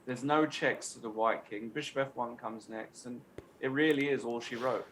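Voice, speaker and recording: A man's voice: mid-range voice, steady tone, normal speed, fairly bright tone, a little hiss or hum. A man coaching a chess tactics lesson, explaining step by step and often checking in with his student.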